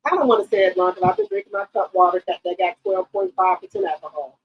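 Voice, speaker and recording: A woman hosting a gossip channel, giving casual, loud, profane commentary on reality TV and talking straight to her chat. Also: mid-range voice, big pitch swings, fast talker, highs cut off, slight background noise. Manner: loud, profane, emphatic hype.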